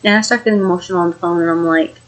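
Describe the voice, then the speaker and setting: A woman's voice: fairly low pitch, fairly even intonation, very fast, poor audio. A young woman telling a frightening true story in a casual, rambling vlog, full of fillers and the odd swear word, sounding shaken. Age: young adult. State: shaken, emotional. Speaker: vlogger.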